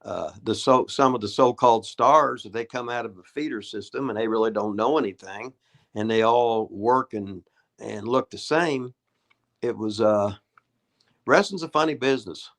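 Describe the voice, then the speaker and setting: A man's voice: mid-range voice, normal speed. An older man, a retired wrestler hosting a show and telling rambling, folksy stories with swearing and laughs. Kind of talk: casual storytelling chat.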